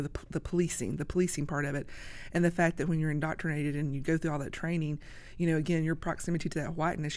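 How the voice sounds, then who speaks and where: Halting woman podcast guest. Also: low voice, dry recording. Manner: hesitant, halting, many restarts. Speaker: guest, social media creator. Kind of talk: casual interview talk.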